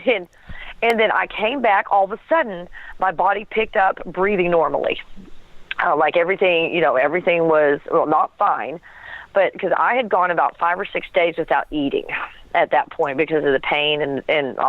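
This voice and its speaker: A woman's voice: fairly low pitch, normal speed, dry recording. A woman telling a personal story as an interview guest, earnest and searching for words, often breaking into a laugh. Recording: tinny phone line, dry.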